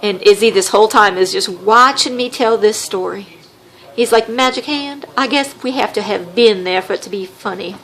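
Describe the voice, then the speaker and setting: A woman with a Southern American accent tells a story on her podcast. She talks in a casual, wry way, acting out the people she quotes. Her voice sits in a middle pitch. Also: moderate pace. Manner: animated, wry storyteller who acts out quotes. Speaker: podcast host.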